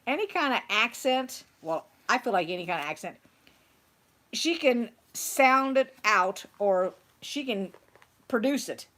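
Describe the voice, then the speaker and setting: A woman's voice: on the high side, animated, unhurried, a bit bright. A middle-aged woman chatting and teasing while she crafts on a home livestream. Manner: chatty, teasing, self-correcting. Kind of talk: casual chat while crafting.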